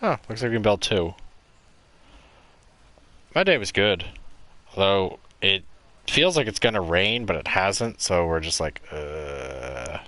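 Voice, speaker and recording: A man's voice: deep voice, lively intonation, takes it slowly, pauses often, sharp tone, no echo. A man casually chatting and telling stories while playing a game as a let's play host. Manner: chatty, rambling storyteller. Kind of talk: casual gaming commentary.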